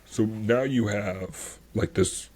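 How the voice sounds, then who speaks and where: A man with a low, husky voice talking through history on a casual podcast. He rambles with plenty of fillers and a lot of enthusiasm for his subject. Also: slow, darkish tone. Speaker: podcast host.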